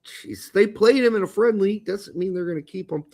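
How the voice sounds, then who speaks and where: A man with a notably high voice co-hosts a soccer podcast. He talks bluntly and casually, tossing in swearing and jokey asides. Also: moderate pace, darkish tone. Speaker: podcast co-host.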